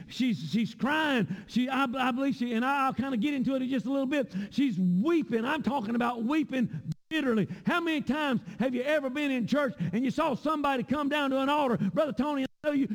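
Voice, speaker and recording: A man preaching a sermon in a church sanctuary, with a repetitive cadence that rises into shouts. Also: very high-pitched, big-room sound.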